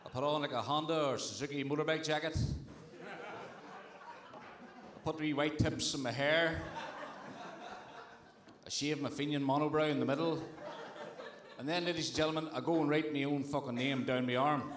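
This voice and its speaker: A young man with a Northern Irish accent doing a stand-up set, deadpan and swearing, with crowd work. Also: fairly high pitch, moderate pace, long pauses. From Northern Ireland. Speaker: stand-up comedian. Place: comedy club stage. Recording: roomy live club with crowd.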